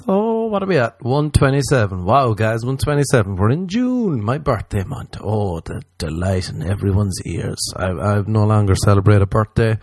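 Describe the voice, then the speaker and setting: A man's voice: sing-song, normal speed, a little mellow, no echo, soft background music. Irish male podcast host, alone in a small room, rambling crude jokes in a dry, close recording. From Ireland. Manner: crude, self-mocking rambling with sudden high-pitched jumps. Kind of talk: solo comedic podcast monologue.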